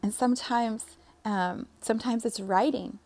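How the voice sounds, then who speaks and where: Unhurried and a little high-pitched, a young woman who coaches spiritually offers sincere motivational words. Frequent laughter punctuates her monologue, along with the odd soft whisper.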